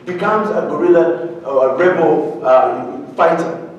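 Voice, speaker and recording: Animated man from Uganda, echoing hall. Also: on the high side, unhurried, muffled recording, a little hiss or hum. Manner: animated, humorous, quizzes the audience. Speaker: keynote speaker. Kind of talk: storytelling keynote speech. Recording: very echoey hall, voice far from mic.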